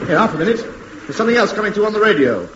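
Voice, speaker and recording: A pompous, bumbling crook who swoops all over his range and trips over his words. His voice sits high for a man. The old radio recording sounds dull under a loud hiss. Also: sing-song, rapid-fire. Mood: flustered. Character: pompous bumbling male crook, comically nervous. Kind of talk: vintage radio comedy acting.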